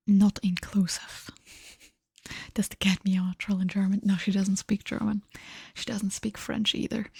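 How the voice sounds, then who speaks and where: A tired woman chatting in a breathy whisper during an ASMR livestream, switching between two languages. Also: medium pitch, dark tone, no room sound, studio quality. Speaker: ASMR streamer.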